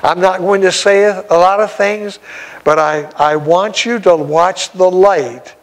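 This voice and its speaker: A man's voice: high voice, takes it slowly, low-quality recording. A man voicing a humble older farmer giving an earnest, plainspoken church testimony.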